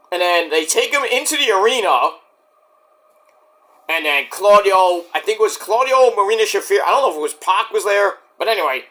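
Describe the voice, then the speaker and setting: A man talks through a show in a loose, rambling recap, stopping to correct himself and acting out what others said. His voice sits high and bright. It swings up and down with a lot of energy. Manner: rambling with self-corrections, acts out quotes. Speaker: wrestling reviewer. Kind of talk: casual spoken recap.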